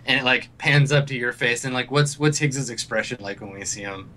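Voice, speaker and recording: A man's voice: mid-range voice, brisk, pushed and bright, slight background noise. Rambling, casual game master man. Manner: rambling, casual, many fillers. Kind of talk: narrating a tabletop game.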